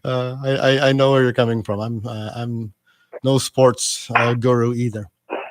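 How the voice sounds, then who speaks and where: A man's voice: mid-range voice, flat delivery, moderate pace, noisy background. A man hosting a community radio interview who talks in a hesitant way, full of fillers and restarts. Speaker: radio host.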